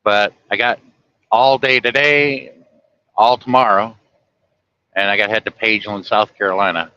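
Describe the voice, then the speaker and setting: A man's voice: fairly low pitch, fairly even intonation, normal speed, pushed and bright, smooth, lo-fi sound. A man driving a truck, chatting casually and folksily with viewers from the road. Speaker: truck driver livestreaming. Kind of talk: casual rambling talk to viewers. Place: truck cab on the highway.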